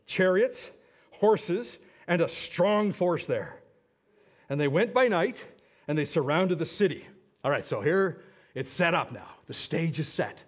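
A man preaching a sermon as a story, animated and dramatic, with asides to his listeners. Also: fairly high pitch.

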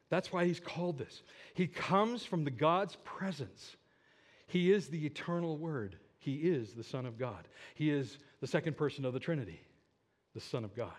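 Animated, rather high-voiced man preaching. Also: slightly rough. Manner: animated, swings from hushed to emphatic, asks the audience questions. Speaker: pastor. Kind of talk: sermon.

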